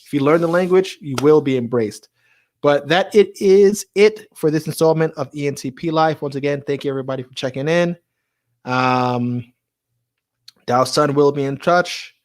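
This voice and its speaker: A man's voice: a little high, normal speed. A man hosting a live stream in a casual, chatty way, laughing often and repeating words as he talks.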